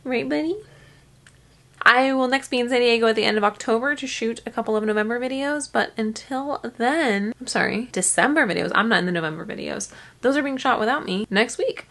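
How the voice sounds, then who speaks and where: A woman's voice: fairly high pitch, a little fast, fairly bright tone. A young adult woman vlogging in a casual, rambling way, sounding tired. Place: home or small office room.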